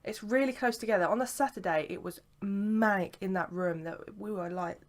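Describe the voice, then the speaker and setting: A woman's voice: mid-range voice, normal speed. A young woman talks straight to camera in a casual vlog. She rambles freely, piling up "sort of" and "like" as she goes. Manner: chatty and rambling, lots of "sort of" and "like". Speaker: vlogger. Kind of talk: casual chat.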